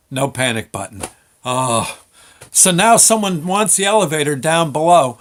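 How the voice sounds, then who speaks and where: A man's voice: a little high, big pitch swings, unhurried, a bit bright. A man telling a story from his working life in a casual, rambling way, full of fillers and restarts. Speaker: show host.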